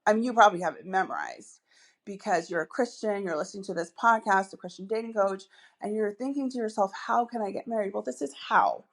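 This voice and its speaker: A woman's voice: medium pitch, quick pace. A woman hosting a solo podcast as a dating coach, chatty and upbeat, with many asides and fillers.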